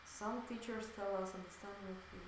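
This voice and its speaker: A woman chats while she paints, excitable and tripping over her words. Her voice rings around a very echoey room. A faint hiss sits under it. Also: mid-range voice, brisk. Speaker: streamer painting on stream. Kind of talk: casual chat while painting.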